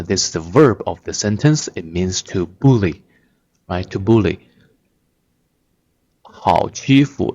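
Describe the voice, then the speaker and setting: A man's voice: mid-range voice, a little mellow, dull audio. A man teaching Chinese phrases in English, explaining a TV clip line by line, often repeating words and checking with "right?".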